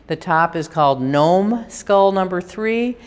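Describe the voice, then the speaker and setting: A woman's voice: on the low side, animated, slow pace, clean tone. A woman guiding viewers through an art exhibition, chatty and enthusiastic, with frequent ums and restarts. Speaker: gallery curator giving a tour. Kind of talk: unscripted gallery tour walkthrough.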